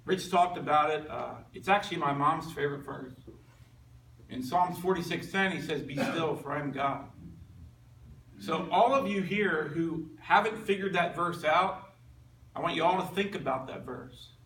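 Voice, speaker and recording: A man's voice: fairly high pitch, normal speed, a bit bright, recorded from a distance, slight background noise. A man in his fifties giving an earnest, conversational personal testimony to a men's group, with frequent restarts. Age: 50s. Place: meeting room with a group. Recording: roomy, off-mic with faint ambience.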